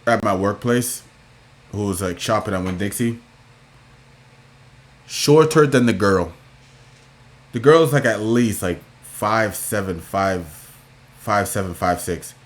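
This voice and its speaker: A man's voice: lowish voice, slow, long pauses. Crude, mocking man heckling a clip. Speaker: reaction commentator. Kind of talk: casual reaction commentary.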